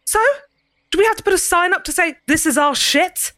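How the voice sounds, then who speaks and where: A woman playing a fairy character at a tabletop game, scolding sarcastically in a soft Cockney accent. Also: extremely high pitch, a little fast, no echo, studio quality. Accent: soft put-on Cockney. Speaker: player. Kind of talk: in-character tabletop role-play.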